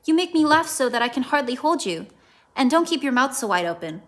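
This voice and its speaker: A woman's voice: sits high, very animated, brisk, voice pushed up. A woman voicing Alice, a curious and polite little girl, in a children's storybook reading. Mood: amused.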